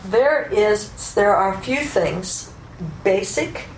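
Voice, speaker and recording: A woman's voice: medium pitch, animated, takes it slowly. A woman giving a spoken teaching talk as a psychologist and Vedanta teacher, explaining thoughtfully with examples and asides. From United States. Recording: echoey room, faint room noise.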